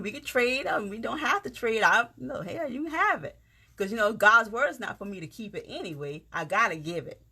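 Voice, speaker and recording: Gullah Geechee woman, lively encouraging talk. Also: fairly low pitch, husky. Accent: Gullah Geechee, South Carolina Lowcountry. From South Carolina, USA. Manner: heartfelt, folksy, talks straight to viewers with "y'all". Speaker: vlogger, motivational speaker. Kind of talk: casual encouraging monologue.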